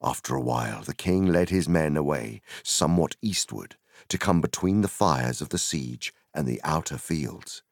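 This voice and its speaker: Deep gravelly guy reading a story, slow and dramatic, dry close sound. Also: expressive, no room sound. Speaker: narrator. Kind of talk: audiobook narration.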